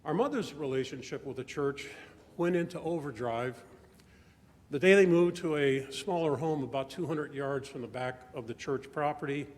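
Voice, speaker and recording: An older man giving a personal testimony talk to his church, telling family stories in a measured, reflective way. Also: a little high, darkish tone. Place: large church sanctuary. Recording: long church reverb.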